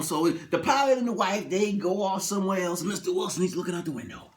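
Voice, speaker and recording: A man casually retelling a TV episode, animated and colloquial, breaking into frequent laughter. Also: high voice, fast, hardly any pauses. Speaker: storyteller.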